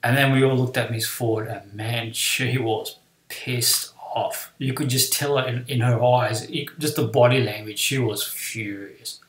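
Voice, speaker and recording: A man's voice: medium pitch, a little slow. Man telling a school story, echoey room. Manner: animated retelling, acting out voices of classmates and teacher. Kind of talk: personal anecdote.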